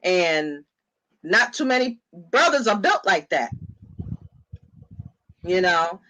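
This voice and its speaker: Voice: mid-range voice, very animated, slow, sharp tone, low-quality recording. A co-host of a casual religious discussion who speaks earnestly and reads viewer comments aloud.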